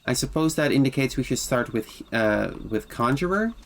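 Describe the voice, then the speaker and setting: A man's voice: medium pitch, lively intonation, normal speed. A man streaming a game, chatting casually with viewers and reading game dialogue aloud. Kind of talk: casual game livestream chat.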